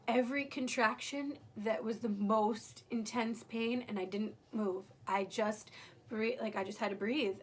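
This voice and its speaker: A young woman candidly recounting her birth story in casual, emotional storytelling, swearing freely. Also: on the high side.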